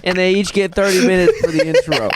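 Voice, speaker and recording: A man hosting an improvised comedy podcast, rambling and profane in a deadpan way. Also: sits high, fast talker, heavy background noise. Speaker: podcast host.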